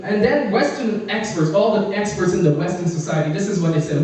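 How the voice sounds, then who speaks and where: A man with a high, light voice works a small comedy club crowd, brash and profane. He slips into quick character voices between punchlines. The sound is very echoey and the mic sits far from him. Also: a little mellow. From Caribbean. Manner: brash, profane, acts out voices mid-joke. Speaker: stand-up comedian. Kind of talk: stand-up comedy set. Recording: echoey room, mic heard from afar.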